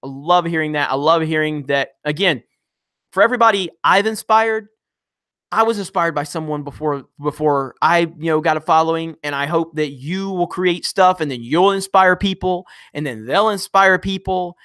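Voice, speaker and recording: A man's voice: a little high, normal speed, a bit bright, clear, resonant tone, dry recording, studio quality. A man hosting a casual live stream, reading viewer comments and ranting bluntly with frequent swearing and restarts. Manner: blunt, profane, rambling with many restarts. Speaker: YouTube channel host.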